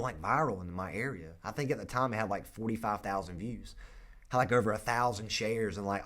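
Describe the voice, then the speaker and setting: A young man with a North Carolina accent, a real estate agent telling a personal story in an earnest, halting way. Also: medium pitch. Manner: earnest, emotional, halting with frequent restarts.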